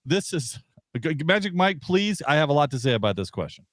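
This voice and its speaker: A man co-hosting a sci-fi podcast in casual chat, emphatic and animated, repeating words as he builds a point. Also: fairly high pitch, fairly quick, dry recording, studio quality. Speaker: podcast co-host.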